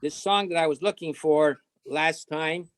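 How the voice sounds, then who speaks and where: A man chats in a halting, stop-start way on a video call, often humming bits of old songs. His voice sits a little high, and it sounds close and dry. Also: clear, resonant tone, no room sound. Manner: halting, many restarts, hums song snippets. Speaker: class participant. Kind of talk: casual chat.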